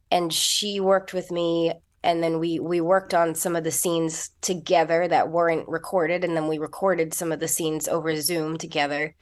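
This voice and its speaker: A young woman with an American accent, an actor talking chattily as an interview guest and laughing often. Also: deep voice. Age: young adult. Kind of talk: casual interview.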